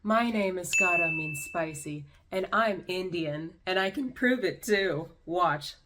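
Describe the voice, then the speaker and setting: A woman's voice: lowish voice, animated, measured pace, fairly bright tone, a little hiss or hum. Sarcastic young woman ranting to camera. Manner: sarcastic, exasperated. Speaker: YouTube commentator. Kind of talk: ranting commentary vlog.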